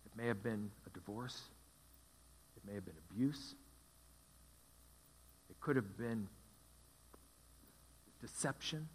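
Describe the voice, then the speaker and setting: A male pastor preaching a sermon, repeating key phrases with emphatic, dramatic pauses. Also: on the low side, lively intonation, big-room sound, slight background noise.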